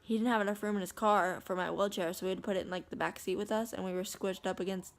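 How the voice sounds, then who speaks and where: A woman's voice: medium pitch, steady tone, quick pace. Chatty woman vlogger. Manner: chatty, retells conversations with lots of "like" and "I said". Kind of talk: casual chat to camera.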